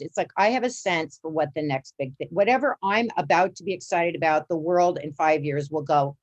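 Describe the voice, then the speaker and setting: A woman guest in an interview, telling her story in a lively, animated way and acting out the quotes with big jumps in pitch. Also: brisk, hardly any pauses, highs cut off.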